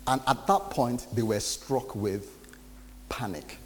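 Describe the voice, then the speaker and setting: A man's voice: medium pitch, slow pace. A man, a pastor, preaching a sermon in a conversational way and acting out quotes. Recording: reverberant hall with faint noise.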